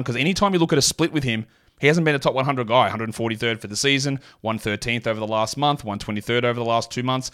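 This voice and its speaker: A mid-pitched man from Australia with a mild Australian accent, hosting a solo sports podcast. He rattles off statistics quickly and breaks them up with casual asides. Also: a bit bright. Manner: rapid stat-heavy delivery with asides. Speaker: fantasy basketball podcast host.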